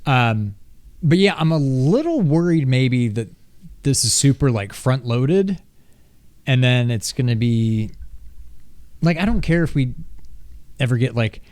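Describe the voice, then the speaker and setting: A male podcast co-host in his thirties talks casually at a middling pitch. He gets animated, laughing and acting out moments as he tells them. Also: measured pace, pauses often. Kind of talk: casual chat.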